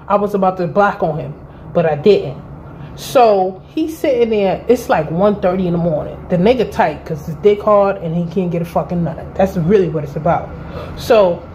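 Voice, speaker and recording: A thirty-year-old woman tells a casual storytime vlog, blunt and full of profanity. Her voice is mellow and dark-toned, with a soft hum of room ambience faintly behind her. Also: medium pitch, poor audio. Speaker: vlogger. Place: indoor room by a window.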